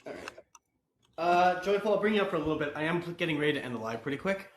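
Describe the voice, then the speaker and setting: A man's voice: on the high side, expressive, racing, echoey room, slight background noise. A man hosting a live stream, chatting casually in a joking, sarcastic way. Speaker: livestream host. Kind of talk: casual chat.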